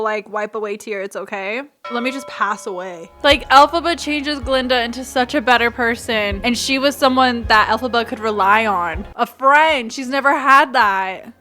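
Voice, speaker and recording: A woman hosting a movie reaction, excitable and gushing, laughing often as she talks. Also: fairly high pitch, moderate pace, faint music behind. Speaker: host.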